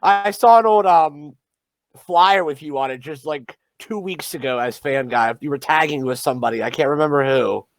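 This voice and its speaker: A man's voice: on the high side, normal speed, no echo. A man hosting a casual interview, eager and stammering as he asks questions. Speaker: interviewer, podcast host.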